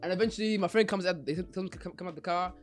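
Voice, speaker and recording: Fast-talking man telling a story. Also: high-pitched, soft background music. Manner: animated storytelling, acts out voices. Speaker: podcast co-host. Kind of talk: casual chat.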